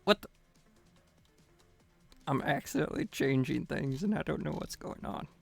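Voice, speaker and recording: A man's voice: fairly high pitch, expressive, moderate pace, gravelly, pauses often, breathy edge, faint music behind. A young man live-streaming a game, chatting casually in a nervous, rambling, self-mocking way.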